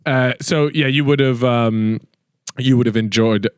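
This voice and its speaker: A man hosting a podcast, throwing easy teasing banter at his guest. His voice is mid-pitched and the close mic leaves it dry, with no room echo. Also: steady tone, unhurried, clean tone. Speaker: podcast host. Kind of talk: casual podcast chat.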